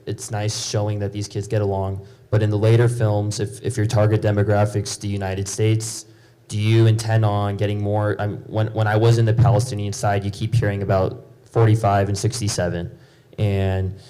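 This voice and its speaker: A man's voice: fairly low pitch, dark tone. A man in the audience asking a long, hesitant question at a panel discussion, with many fillers. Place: law school auditorium.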